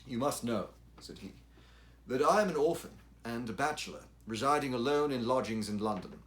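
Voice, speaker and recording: A young, earnest engineer down on his luck, read by a man, telling his strange story in an ordinary middle-pitched voice. He speaks plainly and raises his tone when he answers or questions. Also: expressive, normal speed, lightly acted.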